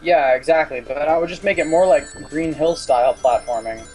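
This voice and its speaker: A man's voice: a little high, a little fast, warm tone. A young man joins the commentary over a voice call, chatty and easy to laugh, spinning out long explanations. Faint game music plays beneath his voice. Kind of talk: casual gaming commentary.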